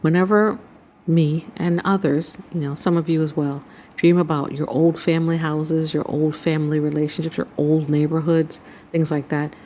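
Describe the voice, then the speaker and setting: A woman's voice: low-pitched, mellow, a little hiss or hum. A woman hosting her channel, earnestly recounting a dream as spiritual testimony and acting out the voices in it. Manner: earnest storytelling, acts out quoted voices.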